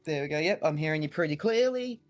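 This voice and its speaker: Australian man, casual call-in guest, easygoing and quick to laugh. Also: a little high, faint music behind. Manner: relaxed and laughing often. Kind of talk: casual chat.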